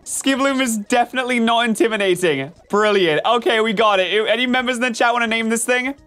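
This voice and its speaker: A man streaming gameplay commentary, chatting with his viewers in an animated, self-mocking and melodramatic way. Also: very high-pitched, fairly quick, clean tone, faint music behind. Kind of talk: live-stream gameplay commentary, reading chat.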